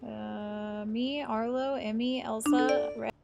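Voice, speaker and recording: A woman's voice: fairly high pitch, fairly even intonation, slow, creaky, darkish tone, highs cut off, soft background music. A woman streamer chatting casually on a live stream, swearing freely as she plays.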